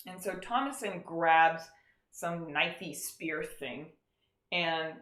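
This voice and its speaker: A woman co-hosting a podcast, casually recapping a movie as an animated storyteller who acts out scenes in quick voices. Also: sits low. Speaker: podcast co-host. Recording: roomy echo.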